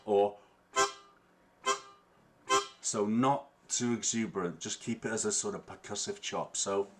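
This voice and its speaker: A man teaching harmonica in an online workshop, chatty and relaxed, checking in with the class with a frequent "yeah?" as he explains. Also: fairly low pitch, a little slow. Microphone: online stream with latency. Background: guitar playing.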